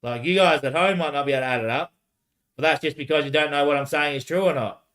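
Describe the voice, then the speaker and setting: A man's voice: a little high, fast talker, fairly bright tone. A man streaming alone, rambling and answering himself back and forth, dropping "mate" and laughing often. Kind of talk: rambling solo livestream talk.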